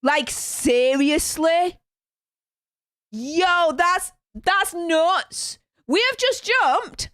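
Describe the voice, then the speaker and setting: In clean studio sound with no echo, a woman with a Northern English accent speaks in a very high voice and very slowly. She's hosting a live reaction stream from a room at home, excitably gushing thanks and filling her chat with fillers.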